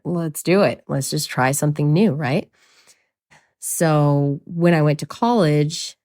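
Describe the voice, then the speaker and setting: A woman's voice: low-pitched, darkish tone, no echo, studio quality. A woman hosting a podcast as a trauma coach, talking candidly and casually with lots of swearing and self-mocking humor. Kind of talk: casual confessional monologue.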